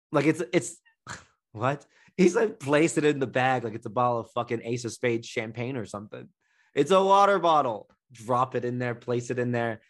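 A man hosting a podcast, ranting in a casual, profane storytelling monologue. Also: mid-range voice. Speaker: podcast host.

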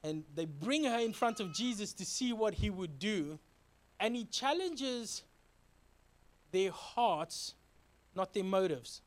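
A man's voice: sits high, takes it slowly, long pauses. A male pastor giving a sermon in a conversational, earnest way, urging the listeners with repeated calls to act. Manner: animated, joking storytelling with sound effects.

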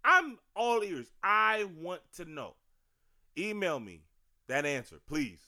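A man's voice: high-pitched, big pitch swings, takes it slowly, pushed and bright. Emphatic D.C. man ranting on a podcast. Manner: emphatic, slangy, profane ranting. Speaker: podcast host. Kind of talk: casual sports and culture commentary.

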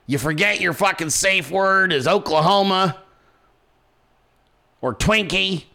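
A man giving profane, mocking reaction commentary on a political debate, swinging between low mutters and loud outbursts. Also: slow pace, vocal fry.

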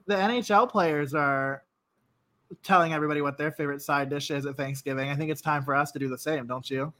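A woman from Northeast Ohio co-hosting a podcast from her home desk, chatting casually with lots of fillers and sudden jumps in pitch. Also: fast talker, a bit bright. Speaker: podcast co-host. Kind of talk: casual chat.

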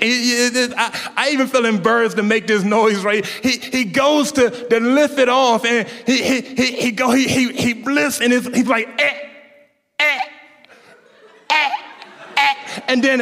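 A man preaching a sermon, telling a lively story to his congregation and calling out to them, with many stammering restarts. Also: very high-pitched. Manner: animated storytelling, calls out to the congregation. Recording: long reverb of a large hall.

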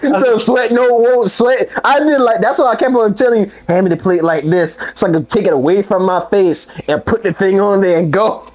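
A young man co-hosting a podcast in casual chat, telling animated stories and acting out quotes. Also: normal speed, few pauses. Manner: animated storytelling, acts out quotes with big pitch jumps and laughs. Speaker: podcast co-host. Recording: slightly muffled, lo-fi sound.

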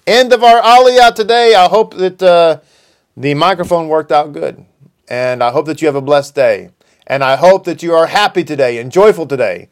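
A man teaching from scripture, reading quoted passages aloud and explaining them at an unhurried pace. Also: fairly high pitch. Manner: unhurried, reads quotes aloud then explains, with some restarts. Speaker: Bible teacher.

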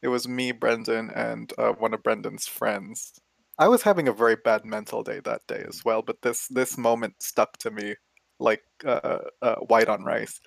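A man's voice: medium pitch, moderate pace, vocal fry, no room sound. Profane, rambling man telling a story. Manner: profane, rambling, laughs as he talks. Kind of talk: casual chat, storytelling.

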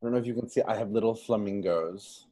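A woman's voice: a bass voice, fast, mellow. A woman co-hosting a podcast in casual chat, bubbly and giggly, rambling between stories. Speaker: podcast co-host.

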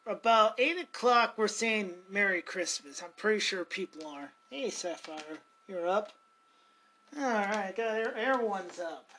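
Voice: mid-range voice, lively intonation, unhurried, sharp tone, a little hiss or hum. A podcast host chatting casually at home, rambling, laughing often and swearing now and then. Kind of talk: casual chat. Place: at home with cats.

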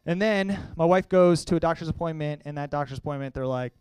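A man's voice: a little high, fairly even intonation, a little mellow, clear, resonant tone, no room sound. Earnest young man giving church testimony. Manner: earnest, conversational, halting with emotion. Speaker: church speaker sharing testimony. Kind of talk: personal testimony to a congregation.

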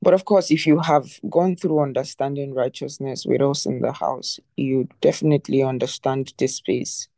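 Emphatic, mellow devotional teacher. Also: medium pitch, fairly even intonation, moderate pace, few pauses, dry recording. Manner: emphatic, repeats key phrases, asks rhetorical questions.

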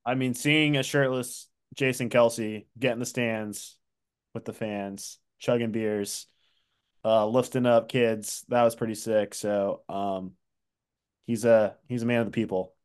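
A man's voice: mid-range voice, fairly even intonation, unhurried, clean tone. A young man co-hosting a sports podcast, chatty and joking. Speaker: podcast co-host. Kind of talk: casual sports chat.

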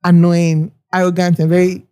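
A young woman, co-hosting a podcast and telling an anecdote in casual chat, animated and quick to laugh as she acts out what people said. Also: fairly low pitch, no echo, clean studio sound. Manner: animated, laughing often, acting out quoted people. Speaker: podcast co-host.

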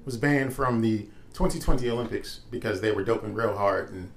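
A man co-hosting a casual chat, telling stories in an animated, joking way. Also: fairly low pitch, brisk, vocal fry.

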